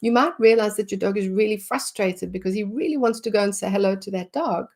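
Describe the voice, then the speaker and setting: A woman's voice: medium pitch, quick pace, a little mellow. A middle-aged woman, teaching about dog behaviour in a casual way and acting out what she would say. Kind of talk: conversational teaching talk.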